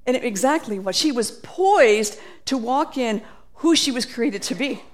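A woman preaching a sermon, animated, acting out quoted voices and reading scripture aloud. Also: on the high side, unhurried.

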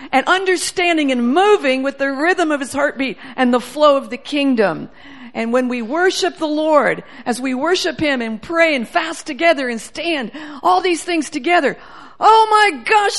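Passionate woman preacher, high voice, swells to cracking cries; sometimes drifts off-mic. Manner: fervent, builds to near-shouting, voice breaking with emotion. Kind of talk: charismatic sermon.

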